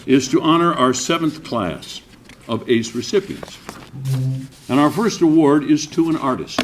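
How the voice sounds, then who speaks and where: Lively older man emceeing a banquet. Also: mid-range voice, slight background noise. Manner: jovial anecdotal storyteller, acts out quotes. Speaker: awards emcee. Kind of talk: storytelling at an awards breakfast. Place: banquet room.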